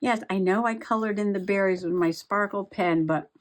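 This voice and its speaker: A woman's voice: mid-range voice, moderate pace. A middle-aged woman chatting casually to herself while journaling and crafting, giggling often as she goes. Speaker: journaling vlogger.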